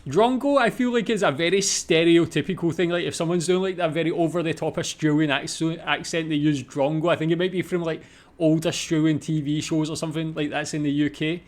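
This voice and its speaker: A man's voice: fairly high pitch, steady tone, a little fast. A Scottish man hosting a reaction video, chatting casually and asking curious questions aloud. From Scotland.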